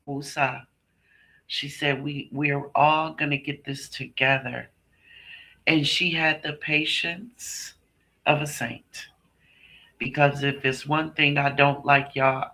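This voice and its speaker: Slow-talking man hosting a live stream. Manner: chatty, warm greetings to viewers, laughs often; slow, drawn-out delivery with big pitch swings. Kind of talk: casual live stream chat.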